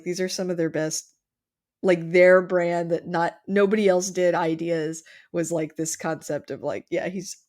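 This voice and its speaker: A woman's voice: lowish voice, a little mellow. A woman hosting a podcast, chatting casually about a film with frequent fillers and restarts. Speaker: podcast host. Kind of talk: casual chat.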